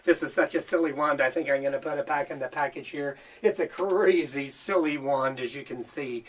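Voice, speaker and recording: A man teaching a children's magic routine as a demonstration. He is animated and playful, with frequent mock-surprised "oh, oh" and "uh-oh" exclamations, and talks as if to children. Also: on the high side, fairly quick, few pauses, far from the mic.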